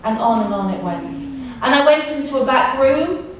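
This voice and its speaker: A woman's voice: sits high, expressive, normal speed, recorded from a distance, a little hiss or hum. English woman speaking in an echoey hall. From England. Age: 40s. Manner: storytelling, emphatic repetition. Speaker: guest speaker. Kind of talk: personal testimony talk. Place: university lecture hall.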